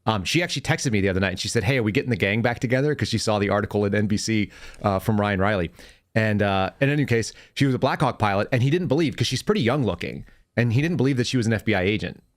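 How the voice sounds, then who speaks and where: Low-voiced guy hosting a podcast, rattling off rambling stories super fast. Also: expressive, dry recording, studio quality. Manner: rapid, rambling anecdotes with self-corrections. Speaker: podcast host, former FBI agent. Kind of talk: casual podcast chat and storytelling.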